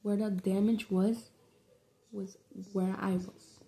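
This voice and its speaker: Gravelly, dark-voiced young New woman. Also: mid-range voice, little pitch movement, slow pace. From New York City. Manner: rambling, slangy, profane storytelling. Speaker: vlogger. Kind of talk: casual storytime vlog.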